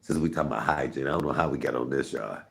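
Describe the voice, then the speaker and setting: A man's voice: a bass voice, rapid-fire, vocal fry. A middle-aged man hosting a live stream, telling rambling, candid stories and talking to his chat. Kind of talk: casual storytelling to viewers.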